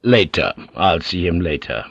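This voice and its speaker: A calm, commanding older warlord, as a male narrator puts him on, giving short, measured orders in a low voice. The recording is dull and muffled, with a dry sound. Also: vocal fry, breathy edge, no echo, full character voice. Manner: terse, measured, authoritative.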